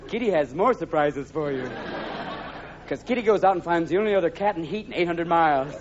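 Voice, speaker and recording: A man in his thirties, from the United States, doing live stand-up comedy rapidly and manically, jumping into character voices. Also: sits high, crowd noise, noisy background. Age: 30s. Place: theatre stage before a live audience. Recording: lo-fi live stage recording with loud audience.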